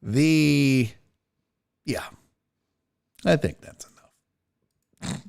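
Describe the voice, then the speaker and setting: A man with a high voice hosts his own podcast. His pitch swings all over as he rambles through trivia, cracking jokes and tossing in curse words. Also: animated, measured pace. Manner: rambling, jokey and profane. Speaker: podcast host. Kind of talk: casual live podcast chat.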